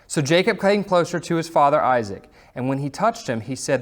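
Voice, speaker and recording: A man teaching a Sunday school class, reading scripture aloud and chatting in a relaxed way with fillers and asides. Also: fairly high pitch, brisk, hardly any pauses. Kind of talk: casual Bible lesson with reading aloud.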